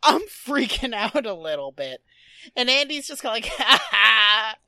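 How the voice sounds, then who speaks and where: A woman co-hosting a casual podcast, recapping a TV episode and acting out the characters' lines with animated energy. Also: fairly high pitch, moderate pace, no echo. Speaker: podcast co-host.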